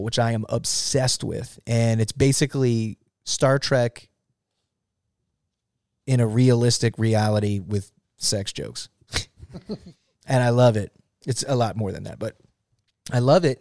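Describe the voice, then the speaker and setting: A man in casual interview chat, an animated storyteller who swears and laughs often. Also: mid-range voice, no echo, studio quality. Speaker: guest musician.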